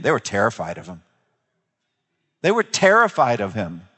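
A man's voice: mid-range voice, a bit bright. A man preaching a sermon, emphatic and repeating key phrases for weight, dropping into quoted voices. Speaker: pastor. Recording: long reverb of a large hall.

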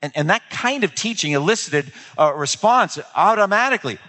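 A man preaching a sermon in a somewhat higher register. He is emphatic, repeats key lines and acts out quoted speech. His voice rings with the long reverb of a big hall. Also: expressive, moderate pace, hardly any pauses, pushed and bright. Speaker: pastor.

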